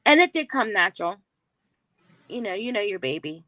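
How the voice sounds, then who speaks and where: A woman's voice: medium pitch, very animated, moderate pace, fairly bright tone, no echo, low-quality recording. A woman guest in a casual live-stream chat, talking in a chatty, reassuring way and laughing easily.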